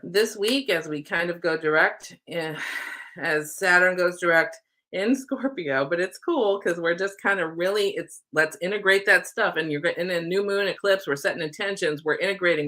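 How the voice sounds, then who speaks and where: A woman's voice: fairly low pitch, normal speed, pushed and bright. A middle-aged woman and spiritual life coach, chatting casually to camera in a rambling, affectionate way and often saying "y'all".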